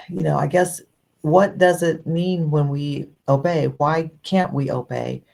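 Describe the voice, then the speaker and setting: A woman's voice: sits low, fairly even intonation, takes it slowly, gravelly, a little mellow. A woman co-hosting a faith podcast, speaking thoughtfully in a musing, casual way. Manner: thoughtful, musing, many fillers. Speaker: podcast co-host.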